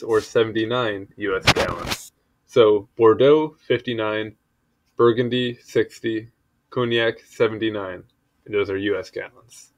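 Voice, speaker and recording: A man reading an encyclopedia article aloud in a casual way, stumbling over words and adding offhand asides. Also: fairly low pitch. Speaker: article reader.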